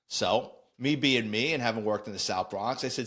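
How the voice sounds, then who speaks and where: An older man, a former police officer telling a blunt, animated story on a podcast. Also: medium pitch, normal speed, hardly any pauses. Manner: animated, blunt, acts out quoted voices. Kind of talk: casual anecdote storytelling.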